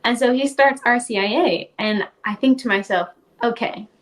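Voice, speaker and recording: A woman's voice: a little high, normal speed. A young woman, a podcast guest, telling her story in a casual interview. She talks in a chatty way, fills her speech with "like" and often laughs.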